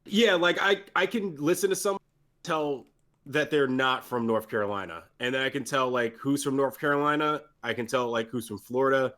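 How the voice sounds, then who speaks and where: A man chatting as a guest on a call, easygoing and quick to laugh. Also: medium pitch, sharp tone. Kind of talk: casual chat on a call.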